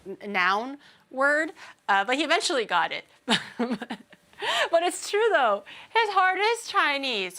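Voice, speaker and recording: A woman streamer in loose, casual stream chat, with a bright, forceful voice set a little high. She tells animated stories, laughs often and slips into impressions of the people she talks about. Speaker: VTuber streamer.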